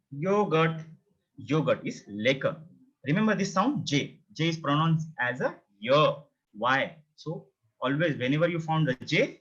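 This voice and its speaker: A man's voice: a little high, fairly bright tone, breathy edge. A man teaching a beginner language lesson, repeating each word several times. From India. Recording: dull, lo-fi sound.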